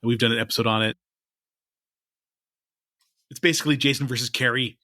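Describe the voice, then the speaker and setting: A man's voice: medium pitch, fairly even intonation, brisk, pushed and bright, no echo, studio quality. A man co-hosting a podcast, chatting casually with a rambling, laid-back manner that trails off at the ends of lines. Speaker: podcast co-host. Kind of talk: casual chat.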